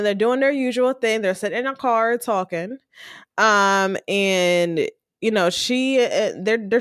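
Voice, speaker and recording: Animated woman recapping a show, dry sound. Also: on the high side, no room sound. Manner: animated storyteller, acts out characters' lines in slangy voices. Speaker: podcast co-host recapping a TV episode. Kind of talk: casual chat.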